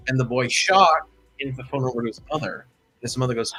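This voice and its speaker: A man's voice: medium pitch, fairly even intonation, quick pace, a bit bright, breathy edge, soft background music, poor audio. A man hosting a livestream, telling a story in a chatty, rambling way full of asides. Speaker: host.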